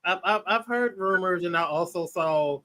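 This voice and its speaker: A man's voice: high voice, normal speed, over a noisy crowd. A man co-hosting a casual chat show, teasing and cutting in to push back. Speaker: co-host.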